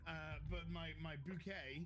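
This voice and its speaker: A man's voice: fairly high pitch, steady tone, measured pace, music in the background. A man chatting casually on a group podcast call, rambling and jokey with mock-posh asides.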